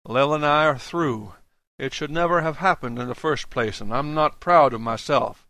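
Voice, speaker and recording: A cautious, remorseful friend speaks in a plain, subdued way, as a male audiobook reader voices him. His voice is bright, and the recording is dry and close-miked. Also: a little high, moderate pace, gravelly, no room sound. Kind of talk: audiobook dialogue reading.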